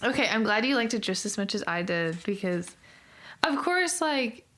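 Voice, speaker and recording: A young woman hosting a casual book club podcast, bubbly and quick to laugh, with lots of "like". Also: mid-range voice, very animated, a bit bright. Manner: bubbly, laughs often, says "like" a lot.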